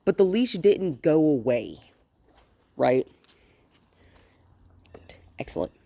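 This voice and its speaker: A woman's voice: low-pitched, very animated, slow pace, gravelly, dark tone. A woman dog trainer giving hands-on instruction, explaining plainly and switching to cheerful, coaxing talk with the dogs.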